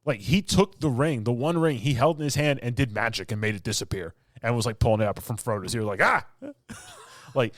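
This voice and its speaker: A man's voice: medium pitch, brisk, dry recording, studio quality. A man co-hosting a podcast, ranting in casual chat with mocking mimicry and blunt complaints. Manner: ranting, exasperated, mocking quotes. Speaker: podcast co-host.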